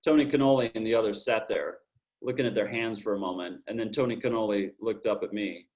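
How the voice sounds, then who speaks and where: A man's voice: on the low side, steady tone, brisk, a little mellow, poor audio. A man at home reading his first-person detective story aloud over a video call. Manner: hard-boiled storybook narration. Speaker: open mic reader.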